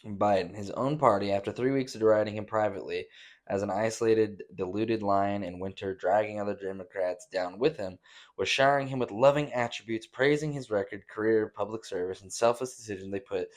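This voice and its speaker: A man's voice: lowish voice, a little fast. A young man, hosting a casual podcast, reading news aloud and breaking into profane, mocking rants with exaggerated voices. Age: young adult. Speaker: podcast host. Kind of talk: casual rant reacting to news.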